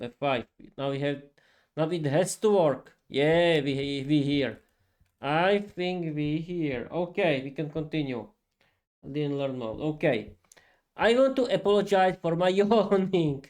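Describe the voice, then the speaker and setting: Guy teaching english on a stream, kinda high voice, slow and stop-start, laughs a lot. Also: darkish tone. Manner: halting, laughs often, restarts sentences. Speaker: English teacher and podcast host. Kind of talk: casual live-stream lesson.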